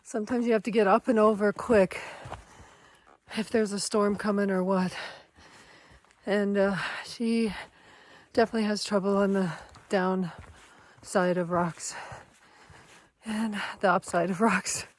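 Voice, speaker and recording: A woman's voice: mid-range voice, steady tone, unhurried, no room sound. Woman hiker vlogging on a mountain trail, chatty, sighs between thoughts, camera in hand outdoors. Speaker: long-distance hiker vlogger. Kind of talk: casual vlog talk to camera.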